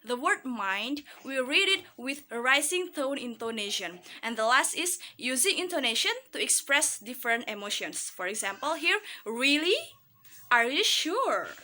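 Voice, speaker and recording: A woman's voice: high voice, expressive, normal speed, few pauses, sharp tone. A young woman with an Indonesian accent presenting to a class, explaining steadily and reading example sentences aloud. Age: young adult. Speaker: student presenter.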